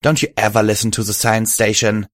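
A man's voice: lowish voice, little pitch movement, a little fast, no room sound, studio quality, close to an everyday voice. A man voicing a suspicious, agitated young male pegasus who hisses and accuses. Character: anxious, hostile young male pegasus buck.

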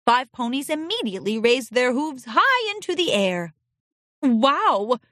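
A woman reads a storybook aloud, her fairly high voice rising and falling with lively expression. The delivery is clear and carefully paced. The recording is close and dry. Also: moderate pace, no room sound. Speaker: narrator. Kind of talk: storybook narration.

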